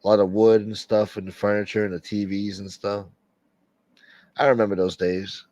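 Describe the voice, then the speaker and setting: A man's voice: fairly low pitch, a little mellow, dry recording, muffled recording. A man hosting a casual livestream, reading viewer comments and rambling with plenty of profanity. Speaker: livestream host reading chat. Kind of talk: casual late-night stream chat.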